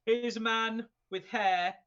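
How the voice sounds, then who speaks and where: A man's voice: sits high, fairly even intonation, takes it slowly, sharp tone. Joking man on a lo-fi podcast. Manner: joking, rambling, swears freely, laughs often. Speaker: podcast co-host. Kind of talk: casual chat.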